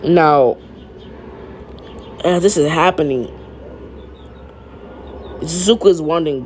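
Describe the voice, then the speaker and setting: Halting man improvising a fan story. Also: fairly high pitch. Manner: halting, repeats and restarts phrases. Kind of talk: improvised fan-fiction narration. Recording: faint background noise.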